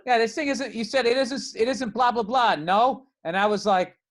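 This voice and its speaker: A man telling stories in a casual podcast chat, profane and animated, with loud bursts. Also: very high-pitched, normal speed. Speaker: comedian guest.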